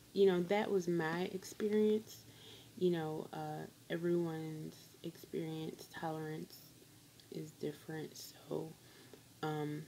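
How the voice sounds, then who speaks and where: Low, flat-voiced woman vlogging casually. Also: slight background noise, poor audio. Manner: rambling, many fillers and restarts. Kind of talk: casual update vlog. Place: on a work break.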